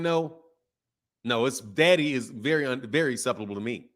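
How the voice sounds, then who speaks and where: A man hosting a boxing channel, chatting casually and reading viewer comments aloud, animated and emphatic with slangy talk and frequent laughs. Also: medium pitch, moderate pace.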